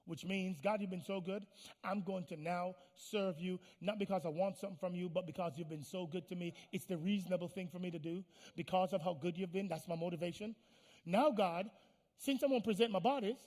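A man preaching a sermon as pastor, pleading and repeating phrases, swinging from hushed tones to loud, fiery declarations. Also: high voice, brisk. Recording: long hall reverb.

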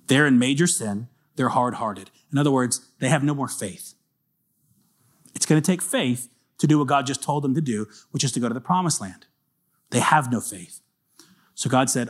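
A man's voice: mid-range voice, a little slow, long pauses. A man preaching a conversational sermon, emphatic and speaking directly to his congregation. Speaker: pastor.

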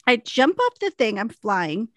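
A woman from the American Midwest telling a funny story in casual chat, animated and laughing as she acts out what people said. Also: on the high side, a little slow, no echo.

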